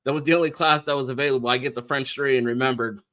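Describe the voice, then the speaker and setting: A young man co-hosting a sports podcast, telling school stories in a casual, animated way and laughing often. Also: mid-range voice, rapid-fire. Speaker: co-host.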